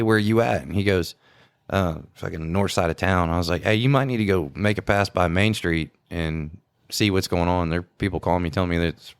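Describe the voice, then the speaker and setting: A man's voice: low-pitched, no room sound, clean studio sound. A man, co-hosting a podcast and telling rambling, profane stories of police work with plenty of laughs. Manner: rambling, profane, laughing, mimics others' voices. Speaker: podcast co-host, small-town police officer. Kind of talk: casual storytelling chat.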